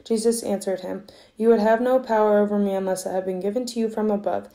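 Woman lector, soft steady scripture reading, mid-range voice. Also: medium pitch, fast talker. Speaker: scripture reader. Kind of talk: reading the Passion aloud in church.

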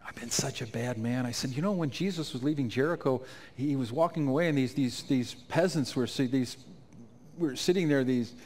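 A man telling an emotional personal testimony in a sermon at a conference, his voice climbing high and loud at the peaks. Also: normal speed. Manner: emotional storytelling, rising to near-shouts at climaxes. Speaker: conference speaker. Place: conference stage.

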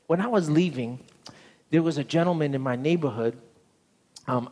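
A man's voice: a little high, darkish tone, big-room sound. A man pastor preaching a sermon, telling a story earnestly and often repeating words, in a church sanctuary.

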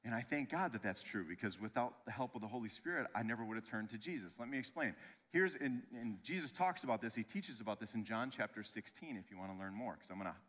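A male pastor with a fairly low voice preaches at a quick pace, animated and conversational. He often checks in with "right?" and keeps restarting his phrases.

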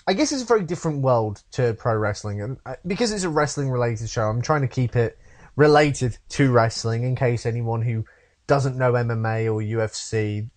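A man co-hosting a casual podcast chat, ranting in an exasperated tone. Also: mid-range voice. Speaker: podcast co-host.

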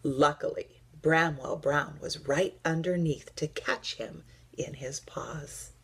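A woman teacher reading a picture book aloud to children, gentle and expressive with hushed narration. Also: low-pitched, slow, husky.

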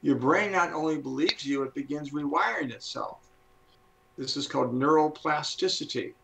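A man in his seventies, a guest speaker on a talk show, explaining in an earnest, teacherly way and slowing down to stress his points. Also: a little high, vocal fry, fairly bright tone, poor audio. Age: 70s.

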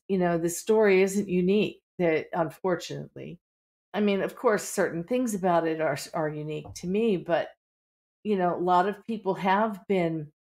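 A woman's voice: lowish voice, darkish tone. A middle-aged woman with a Pittsburgh accent, an author talking candidly in a podcast interview, full of "you know" fillers. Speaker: author guest.

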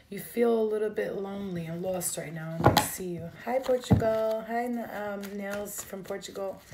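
A woman's voice: on the low side, background noise. Emotional woman giving a tarot reading. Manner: emotional, direct, talks straight to viewers. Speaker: tarot reader.

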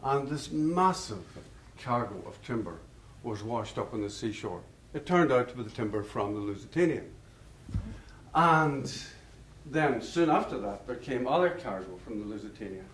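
Speaking in an animated, medium-pitched voice at normal speed, a man delivers a public lecture in a lecture hall, wandering through anecdotes and laughing at his own stories. The distant mic picks up a roomy hall along with slight hiss or hum.

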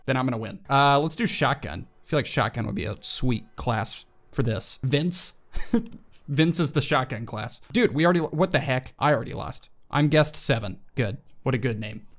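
A man giving casual let's-play commentary on a shooter game, excitable and prone to sudden yelps and exclamations. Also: mid-range voice, background noise. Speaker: gaming YouTuber. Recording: loud game gunfire behind voice. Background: video game gunshots and effects.

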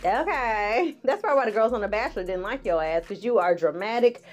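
A woman giving a casual, sassy recap as a vlogger, talking in an expressive, chatty way. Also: medium pitch, fairly quick, lo-fi sound, soft background music. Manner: sassy, expressive, laughs often, acts out quotes in exaggerated voices. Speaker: vlogger recapping a reality show.

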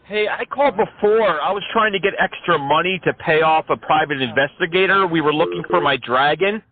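Brief: high-pitched male prankster, mocking and profane, tinny phone audio. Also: fairly quick. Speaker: scam baiter.

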